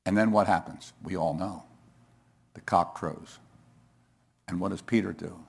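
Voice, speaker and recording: A man's voice: sits low, fairly even intonation, a little slow, gravelly, husky. A male pastor preaching a sermon in a conversational storytelling way, with asides and humor.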